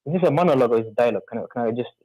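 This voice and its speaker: A man arguing in a religious debate who keeps interrupting and telling his opponent to calm down. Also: mid-range voice, no echo. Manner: rapid, insists on calm, interjects. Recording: tinny phone-like call audio.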